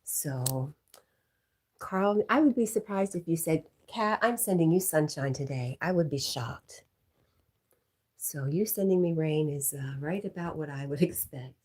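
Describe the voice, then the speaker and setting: A congested woman hosting a casual livestream, chatting and reading viewer comments aloud, often dropping to a soft whisper. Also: deep voice, animated, measured pace. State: congested from allergies. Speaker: livestream host.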